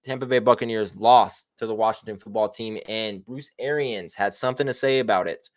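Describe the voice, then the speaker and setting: A man hosting a casual sports talk show, slangy and profane, brash and excitable with his opinions. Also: fairly low pitch, fairly quick, dry recording, studio quality. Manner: slangy and profane, with frequent "man", "bruh" and "baby". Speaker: show host.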